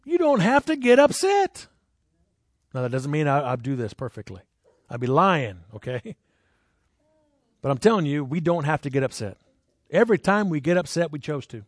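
A man's voice: animated, brisk, pauses often, no echo, studio quality. A man preaching a sermon in a conversational way, telling personal stories and asking the crowd questions. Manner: jumps into high voices when acting out people.

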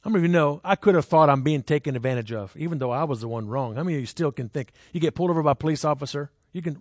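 A man's voice: rapid-fire, few pauses, no room sound. Conversational male preacher, dry sound. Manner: conversational, asks the crowd questions; jumps into high voices when acting out people. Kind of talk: sermon with personal stories.

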